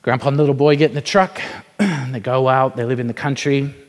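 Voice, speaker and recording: A man's voice: mid-range voice, a little fast. A man preaching a sermon, telling a story and asking the congregation rhetorical questions in a conversational way. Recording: reverberant hall.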